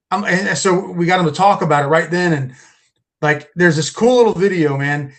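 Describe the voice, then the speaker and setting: A man's voice: sits high, normal speed. A man guesting on a podcast, telling a story casually, repeating and restarting his words as he goes. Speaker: podcast guest, Bigfoot researcher.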